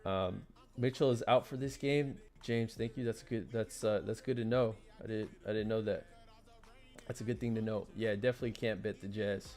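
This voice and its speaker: A man's voice: on the low side, steady tone, moderate pace, a little mellow, soft background music. A man hosting a casual sports betting livestream, stammering and repeating words as he talks picks and reads the chat.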